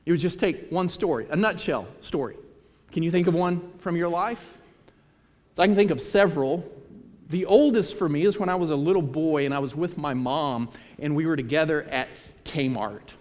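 A man preaching a sermon, retelling scripture and stories in an animated storytelling manner. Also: on the high side, moderate pace. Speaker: pastor. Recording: long hall reverb.

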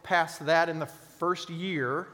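A male pastor delivers a sermon in an emphatic style, pressing some phrases loudly and dropping others to a hush. His voice sits high for a man. It carries with a long reverb, as in a large church hall. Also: fairly even intonation, slow. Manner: emphatic preaching, swinging between loud stress and quiet.

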